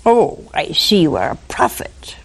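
A woman's voice: on the high side, very animated, unhurried, fairly bright tone. A woman preaching, voicing an evasive, sassy woman who dodges questions. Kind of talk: acted quote in a sermon.

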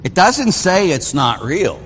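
A man's voice: high-pitched, big pitch swings, slow, fairly bright tone, a little hiss or hum. A middle-aged man, a Catholic priest from Pittsburgh, preaching in a folksy storytelling way and acting out the voices in his tales. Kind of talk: sermon with personal stories. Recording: long hall reverb.

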